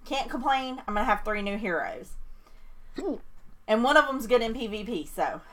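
A woman co-hosting a casual gaming livestream, excitable and playfully whiny as she chats. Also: on the high side, moderate pace. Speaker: livestream co-host.

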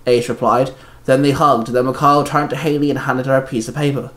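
A man narrating a fan-written story in a steady, plain storytelling manner. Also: medium pitch, normal speed. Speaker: fan fiction reader. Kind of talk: story reading.

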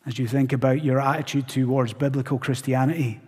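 A man preaching a sermon live in a church, animated and constantly asking the congregation questions. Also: medium pitch, fairly quick, husky. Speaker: pastor. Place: church sanctuary. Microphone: live church recording. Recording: long church reverb.

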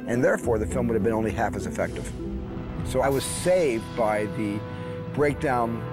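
A man, a film director, telling reflective stories in an interview and growing animated as he retells them. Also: mid-range voice, moderate pace, loud music behind the voice. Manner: reflective anecdotal storyteller, animated when retelling. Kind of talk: interview storytelling.

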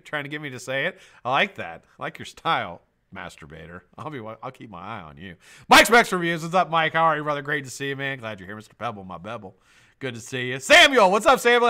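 A middle-aged man hosting a live stream, greeting viewers by name with loud shout-outs, swearing and joking. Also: mid-range voice. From United States. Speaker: host.

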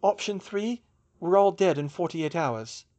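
A clever young witch, put on by a male reader in a storybook reading, her voice lifted above his own and full of lively rises and falls. She lays out her reasoning in a brisk, matter-of-fact way. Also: high voice, muffled recording, pitched above the performer's own voice. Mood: analytical. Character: young woman, quick-minded witch, analytical.

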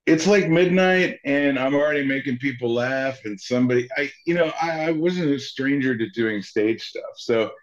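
A man in his forties, an actor being interviewed, telling stories in a lively way and jumping up in pitch to quote others. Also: normal speed, hardly any pauses. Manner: animated storyteller, jumps pitch when quoting people. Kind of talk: casual storytelling interview. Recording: slightly muffled sound.

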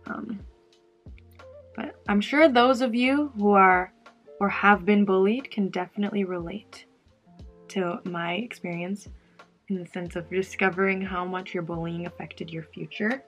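A woman's voice: mid-range voice, steady tone, a little slow, faint music behind. A young woman vlogger talking candidly about her past while doing her makeup, in a casual get-ready-with-me chat. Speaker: beauty vlogger.

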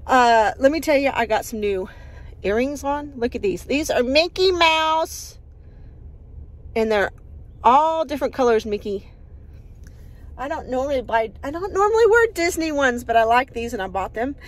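A woman's voice: high voice, animated, moderate pace. Upbeat folksy woman vlogging. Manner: folksy and upbeat, rambling with fillers. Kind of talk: casual chatty vlog. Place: outdoors in her yard.

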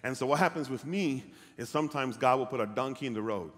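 A man preaching a sermon as pastor, often checking in with the congregation and rising from quiet talk to shouted calls. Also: medium pitch, fast. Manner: asks the congregation questions. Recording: hall reverb.

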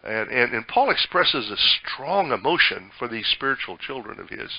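A man's voice: mid-range voice, sing-song, moderate pace, husky, no echo, highs cut off. An older man preaching a sermon as pastor, folksy and conversational, with many fillers and restarts.

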